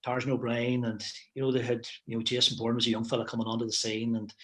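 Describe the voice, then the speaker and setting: A middle-aged football manager reminiscing in a casual interview, rambling with plenty of "you know" and restarts. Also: male voice, medium pitch, completely flat delivery, quick pace, sharp tone.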